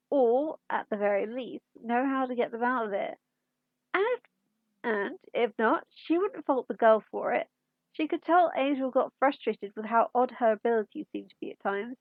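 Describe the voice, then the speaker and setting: Woman reading fanfiction aloud, high voice. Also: dry recording, phone-quality sound. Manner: unhurried storytelling with small slips. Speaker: fanfiction reader.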